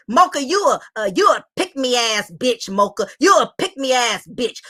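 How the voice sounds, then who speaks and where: A woman voicing a loud, furious single mother who shouts, curses and repeats herself while ranting defensively. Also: high voice. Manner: shouting, cursing, repetitive ranting. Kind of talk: comedic rant impression.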